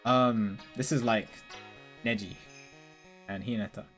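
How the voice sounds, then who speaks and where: A man's voice: fairly low pitch, fairly even intonation, a little slow, fairly bright tone, faint music behind. A man streaming a game playthrough, making casual joking asides. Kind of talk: playthrough commentary.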